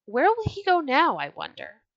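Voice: high voice, huge pitch swings, normal speed, fairly bright tone, no room sound, muffled recording, voice pushed up, heavily acted. A woman voicing an admiring villager musing aloud in a storybook reading. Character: admiring villager praising a hero.

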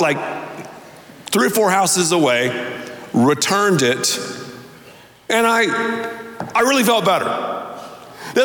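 A man pastor preaching a sermon to a large congregation, telling a story with deliberate emphasis. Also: fairly high pitch, a bit bright. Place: large church auditorium. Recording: echoey large hall.

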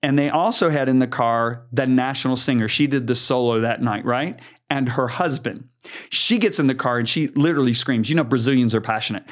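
An older man, a preacher, earnestly telling a story in conversation, animated and emphatic. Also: mid-range voice, a little fast. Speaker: guest preacher.

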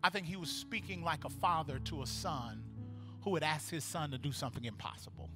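A male pastor preaching a sermon, animated and building to loud, fervent praise, acting out voices from the story. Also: on the high side, fairly quick, over music.

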